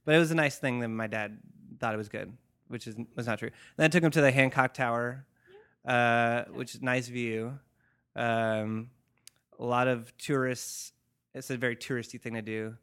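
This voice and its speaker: A man with a smooth, clear voice talks through a podcast story. He rambles, leans on "you know" and "like", and drops dry, sarcastic remarks. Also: medium pitch, fairly even intonation, normal speed, a bit bright. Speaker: podcast co-host. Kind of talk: casual chat.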